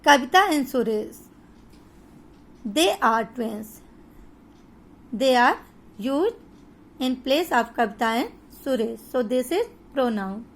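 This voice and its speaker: A woman with an Indian English accent gives an online grammar lesson, explaining things slowly and deliberately with pauses. Her voice is high and her intonation lively.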